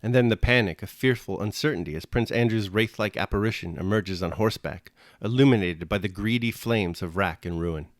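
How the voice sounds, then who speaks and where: A man reading a classic novel aloud in measured, expressive narration, then reflecting on the chapter. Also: fairly low pitch, dry recording, clean studio sound. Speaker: reader and commentator.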